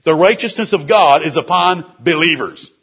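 A man's voice: fairly high pitch, lively intonation, normal speed, husky, lo-fi sound. A male pastor preaching an expository sermon at a church service, explaining scripture word by word.

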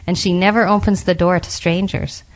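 A woman reading a storybook and voicing a sweet, timid little girl in a red hood, with a soft, breathless, pleading manner. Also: fairly low pitch, little pitch movement, a little fast, lightly acted. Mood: girlish.

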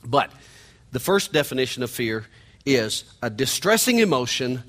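A man's voice: mid-range voice, sing-song, moderate pace, a bit bright. A middle-aged man with a nasal Missouri twang preaching a sermon in a conversational, joking way. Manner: conversational, joking asides to the congregation. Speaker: pastor.

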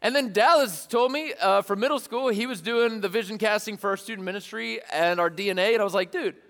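A man preaching as a youth ministry pastor, eager and lively, rallying a young crowd in a church. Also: high-pitched, quick pace, in a large hall. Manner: enthusiastic, calls to the crowd, repeat-after-me. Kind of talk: energetic youth sermon.

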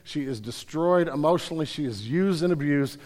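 A man delivering a sermon, reading scripture passages aloud before retelling them in a loose, animated, conversational way. His voice sits a little high for a man. The sound carries a long reverb, as in a large hall or sanctuary. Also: moderate pace. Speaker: pastor.

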